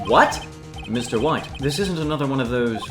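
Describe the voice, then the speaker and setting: A man's voice: medium pitch, expressive, moderate pace, close to an everyday voice. A man doing a flustered chief prosecutor. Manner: flustered, protesting. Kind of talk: fan voicing of a game playthrough. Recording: roomy echo, game music. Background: game music.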